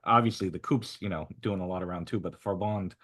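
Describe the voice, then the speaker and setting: A man's voice: low voice, fast talker, fairly bright tone. A man conducting an oral history interview, asking questions hesitantly with many fillers.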